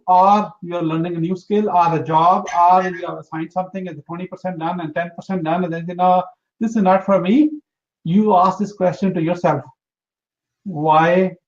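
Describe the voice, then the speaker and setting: Earnest high-voiced man giving advice. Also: a little mellow, dull audio. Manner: earnest, emphatic, repeats for emphasis. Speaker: interview guest, entrepreneur. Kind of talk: motivational interview talk.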